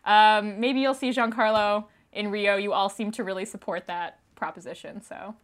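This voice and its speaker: A woman's voice: mid-range voice, fairly even intonation, moderate pace. A woman hosting a casual podcast chat, laughing often as she talks. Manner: giggly, laughs often between lines. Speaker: podcast host.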